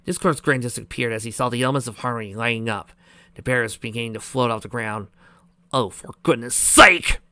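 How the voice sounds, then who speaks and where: A man's voice: mid-range voice, fairly even intonation, quick pace, sharp tone, smooth, no room sound. A man reading a fan fiction story aloud and breaking off into sarcastic commentary. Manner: sarcastic, ranting asides.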